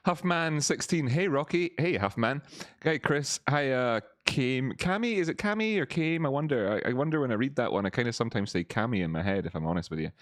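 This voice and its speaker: Male streamer with a voice changer on, chatty, mid pitch, dry sound. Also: animated, brisk, no echo. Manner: chatty, greets viewers, laughs often. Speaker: live-stream host. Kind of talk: casual live-stream chat.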